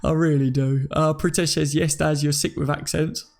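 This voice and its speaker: A man's voice: a little high, level tone, moderate pace, creaky, a little mellow. A man with a Cockney accent hosting a casual live stream, chatting freely, reading viewer comments aloud and laughing at himself. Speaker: fan channel host.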